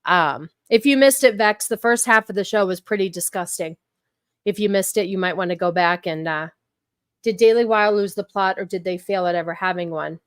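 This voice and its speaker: A woman hosts a casual livestream in a mid-range voice at normal speed, with a dry, clean studio recording. She talks back to her chat, repeating herself and using plenty of fillers.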